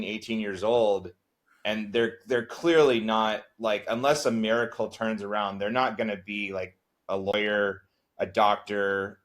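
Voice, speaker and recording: Rambling man teacher with a low voice. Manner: rambling, heavy with filler words. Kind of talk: casual group discussion.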